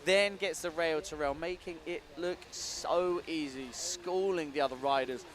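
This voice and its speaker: A man calls a live competition with eager play-by-play. His voice sits a touch high, and he rattles off trick after trick as the riders go. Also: a little slow. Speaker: live-stream commentator. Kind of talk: live sports commentary.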